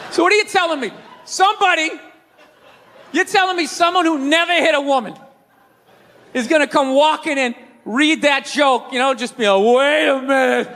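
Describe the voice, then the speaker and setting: Man, stand-up comedian, high voice, forceful tone, profane ranting, shouting bits, from the east coast. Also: unhurried, pauses often. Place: comedy stage before a live audience.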